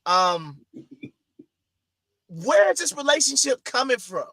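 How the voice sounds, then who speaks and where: Bright, high-voiced podcast co-host, man. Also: sing-song, takes it slowly, no echo. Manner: loose, slangy, riffing with co-host. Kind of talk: casual podcast chat.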